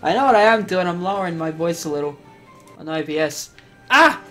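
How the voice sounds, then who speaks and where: Excitable, animated woman commenting on gameplay. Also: fairly low pitch, a little fast, soft background music. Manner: excitable, laughing, exclaiming at the game. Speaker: let's play host.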